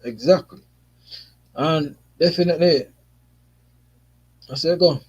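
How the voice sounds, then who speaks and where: Jamaican guy on a football livestream, bit high voice, laid back patois, keeps saying you see me. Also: slow, husky, lo-fi sound. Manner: patois mixed with English, frequent "you see me" tags. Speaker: football streamer. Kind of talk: casual livestream chat reading viewer comments.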